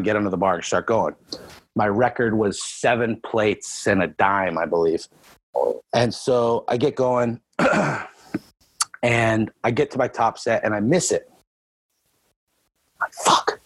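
Husky-voiced man telling gym stories. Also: medium pitch, dry recording. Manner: animated storyteller, heavy swearing, acts out his own shouting. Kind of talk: casual podcast chat.

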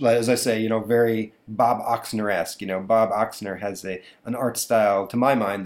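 A man hosting a podcast, chatting casually through an old comic book with lots of fillers. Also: fairly low pitch. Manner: rambling, lots of fillers and restarts. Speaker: podcast host.

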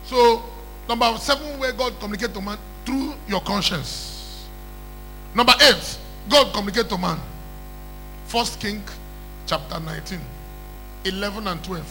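A man's voice: high voice, unhurried, pauses often, sharp tone, soft background music, low-quality recording. A man preaching an emphatic call-and-response sermon who repeats phrases and calls for hallelujah.

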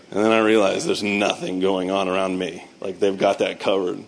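Man, 30s, veteran speaker, faith talk, animated storytelling, self-mocking, sound effects. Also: low-pitched, moderate pace, vocal fry, few pauses. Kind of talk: storytelling speech with scripture.

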